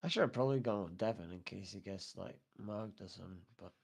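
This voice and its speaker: A man's voice: deep voice, quick pace, gravelly, husky. A man playing a tabletop game, chatty and jokey. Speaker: player. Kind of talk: casual tabletop play.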